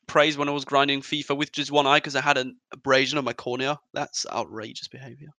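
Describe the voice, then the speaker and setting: A man with a bright, forward voice joins a casual gaming podcast chat. His humor is dry and self-mocking. The sound is close and dry. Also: mid-range voice, little pitch movement, quick pace, no room sound.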